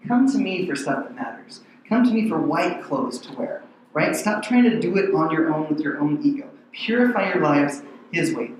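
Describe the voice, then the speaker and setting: Animated pastor in an echoey hall. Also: male voice, high-pitched, far from the mic, a little hiss or hum. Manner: animated, acts out the voices in the verses, conversational. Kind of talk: sermon. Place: large church hall.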